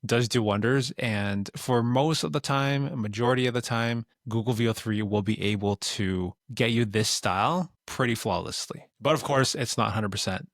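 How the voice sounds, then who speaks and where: A man talks through a software tutorial in a relaxed, explanatory way, at a middling pitch. The recording is close and dry, with no room sound. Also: moderate pace, few pauses, no room sound. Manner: relaxed, explanatory, plain-spoken. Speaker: tutorial creator. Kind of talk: instructional screen-recording explanation.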